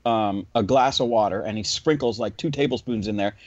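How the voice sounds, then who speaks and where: A man's voice: on the low side, fairly quick, dry recording, lo-fi sound. A man who cleans windows, chatting casually on a podcast, telling a story and acting out the people in it. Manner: animated, swearing, acts out quotes.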